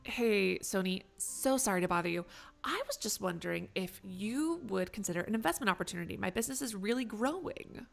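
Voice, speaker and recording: A woman voicing a smooth-talking vampire character in a life-sim game, pitching a shady business deal. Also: animated, brisk, faint music behind. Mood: persuasive. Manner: persuasive salesy pitch with hesitant fillers.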